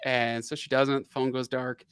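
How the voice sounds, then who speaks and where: Animated, laughing man telling a story. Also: medium pitch, normal speed, clear, resonant tone, no room sound, studio quality. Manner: animated, laughing, many fillers. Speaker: livestream host. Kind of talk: casual storytelling.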